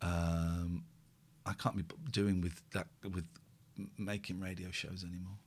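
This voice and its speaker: A middle-aged man, hosting a casual chat and talking in an animated, exclamatory way with plenty of swearing. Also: low-pitched, measured pace, a little hiss or hum. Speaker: host.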